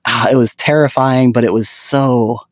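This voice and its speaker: A man's voice: medium pitch, fairly even intonation, moderate pace. A man in his thirties co-hosting a podcast, chatting casually and gushing about a show with many fillers. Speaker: podcast co-host. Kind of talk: casual chat.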